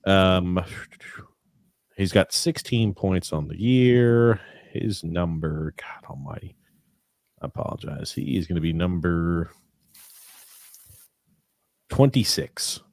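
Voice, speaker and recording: A man's voice: low voice, a little mellow, no echo. A man co-hosting a casual sports watch-along podcast, chatty and teasing. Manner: teasing, chatty, talks fast at times. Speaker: podcast co-host.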